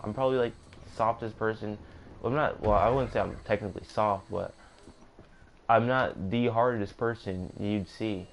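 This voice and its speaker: A man's voice: on the low side, fairly even intonation, moderate pace, slight background noise. A young man casually narrating a storytime, rambling with self-corrections and joking asides. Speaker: gaming streamer.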